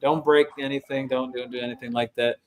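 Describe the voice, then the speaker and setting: A man's voice: mid-range voice, level tone, a little fast, noisy background. Man telling long sports stories. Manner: long-winded storyteller who quotes himself. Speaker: podcast co-host. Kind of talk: casual sports chat. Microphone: video call.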